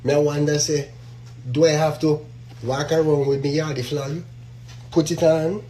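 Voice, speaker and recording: A man's voice: fairly high pitch, little pitch movement, moderate pace, mellow, a little hiss or hum, rough recording. A man with a Jamaican accent ranting to camera in an exasperated way, slipping into Patois and swearing. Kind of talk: casual rant to camera.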